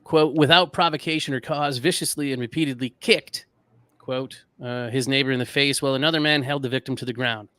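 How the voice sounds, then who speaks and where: A man's voice: mid-range voice, steady tone, fairly quick, fairly bright tone, dry recording. A man co-hosting a comedic history podcast, telling the story in a laid-back, self-deprecating way. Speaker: podcast co-host. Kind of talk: casual comedic history chat.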